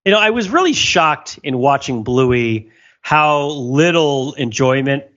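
Lively, wry male podcast host. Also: medium pitch, unhurried. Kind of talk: casual podcast chat. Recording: slightly muffled podcast audio.

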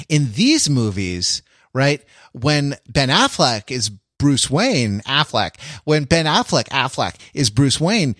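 Man, mid-pitched, dry close recording; rambling, self-amused co-host. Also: very animated, slow pace, a bit bright, no echo. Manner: rambling, restarts a lot, laughs at his own jokes. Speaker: podcast co-host. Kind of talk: casual chat.

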